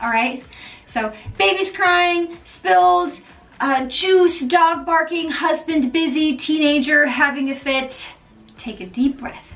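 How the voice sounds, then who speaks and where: A woman's voice: sits high, fairly bright tone, distant mic. A woman giving casual, encouraging vlog talk, chatty and often checking in with her listeners. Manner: chatty, checks in often with "okay?" and "all right?". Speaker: mom vlogger.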